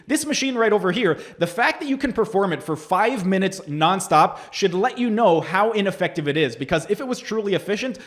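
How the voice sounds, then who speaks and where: Sarcastic, high-voiced male fitness coach. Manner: sarcastic, lecturing, explaining definitions. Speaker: holistic health coach. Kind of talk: critical video review commentary.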